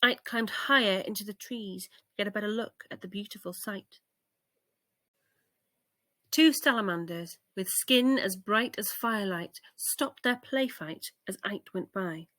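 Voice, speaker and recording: A woman reading a children's bedtime story aloud in a gentle, expressive way. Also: mid-range voice, unhurried, dry recording.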